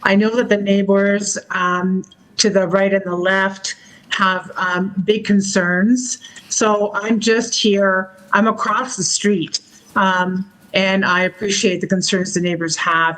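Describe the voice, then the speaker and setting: A woman speaking at a public hearing, polite and hesitant with many pauses. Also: medium pitch, a bit bright, rough recording.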